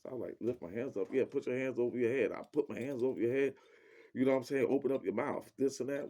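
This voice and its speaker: A man's voice: medium pitch, fast talker, dark tone. A young man telling a story in a casual, rambling way, full of slang and fillers, quoting people as he goes.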